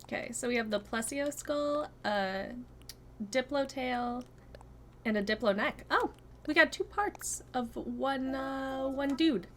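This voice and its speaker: A young woman streaming a game, chatting casually to her viewers, giggling and thinking out loud. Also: sits high, slow, a little hiss or hum. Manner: chatty, giggly, talks to chat and herself. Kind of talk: casual gameplay chat.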